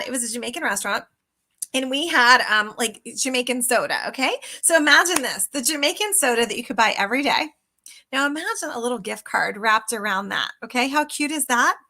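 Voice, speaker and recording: A woman's voice: a little high, bright, forceful tone. A middle-aged woman sales coach talking casually and emphatically to her viewers, often calling them guys. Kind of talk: casual live coaching talk.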